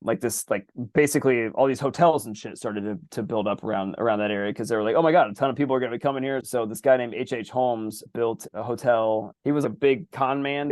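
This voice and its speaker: A man's voice: medium pitch, a little mellow, no echo, clean studio sound. A man co-hosting a podcast, talking casually in a rambling, profane, loose way. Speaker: podcast co-host.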